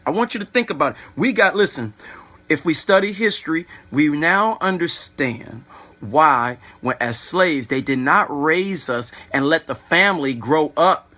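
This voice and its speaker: Animated, high-voiced man giving a preachy talk. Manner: preachy, animated, keeps asking "all right?"; repeats "think about it". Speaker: online video host. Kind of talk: motivational talk.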